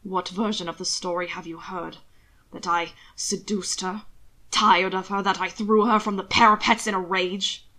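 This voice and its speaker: In an audiobook reading of fan fiction, a woman voices an anguished, commanding aristocratic husband, speaking low and intense and sometimes sinking to a hiss. Her natural voice stays steady at normal speed, with a sharp edge and a bitter mood.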